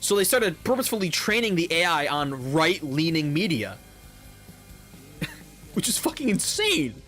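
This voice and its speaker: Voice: medium pitch, big pitch swings, moderate pace, a bit bright, faint music behind. A gaming YouTuber ranting over gameplay in a heated, profane way, often repeating words.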